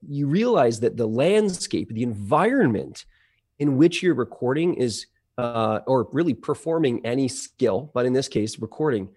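A man's voice: medium pitch, darkish tone, no room sound. Rambling man, dry close sound. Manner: rambling, many fillers and restarts. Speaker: audio engineer and voice-over company representative. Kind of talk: conversational podcast interview.

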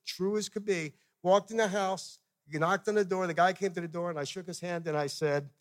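A man's voice: sits high, steady tone, normal speed. A man in his fifties, a missionary preacher, giving a sermon with personal stories and putting direct, conversational questions to his listeners.

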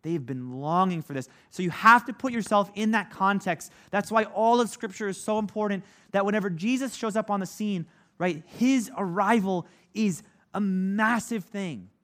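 Here the preacher's voice is high-pitched and fairly bright, moving at a normal pace. It's an informal Bible lesson where he keeps saying "like" and plays out the people in the story as he quotes them.

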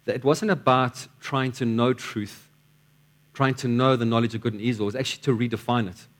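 A man's voice: medium pitch, fairly even intonation, brisk. A man preaching a sermon in a church, telling stories and often repeating words as he restarts his sentences.

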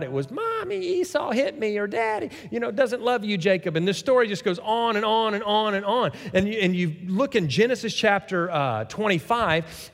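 Male pastor, slightly raised pitch, animated storyteller, reverberant sanctuary sound. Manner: animated storytelling, acts out quoted voices. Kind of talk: sermon.

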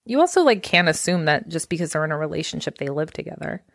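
Lowish-voiced woman recapping a show. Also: big pitch swings, fast talker, gravelly, no room sound, studio quality. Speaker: podcast co-host. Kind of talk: casual chat recapping a show.

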